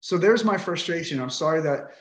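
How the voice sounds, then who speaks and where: Man, middle-aged, indignant, emotional, profane, slightly high-pitched, echoey room. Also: expressive, a little fast, fairly bright tone. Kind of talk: emotional personal account.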